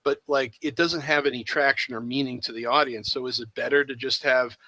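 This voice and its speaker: A man's voice: mid-range voice, fairly even intonation, a little fast, bright, forceful tone, no echo, rough recording. A man hosting a casual chat, thinking aloud with hesitant, self-deprecating asides. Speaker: host.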